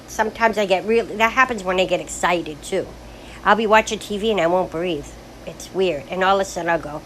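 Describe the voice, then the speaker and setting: A woman's voice: medium pitch, moderate pace, fairly bright tone, slight background noise, poor audio. An older woman talking frankly in a rambling, casual monologue about her life, full of restarts. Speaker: grandmother sharing life stories.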